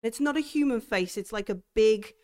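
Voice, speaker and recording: Hesitant woman game master, smooth voice. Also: fairly high pitch, moderate pace, darkish tone. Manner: hesitant, many fillers and restarts. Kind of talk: narrating a tabletop horror game.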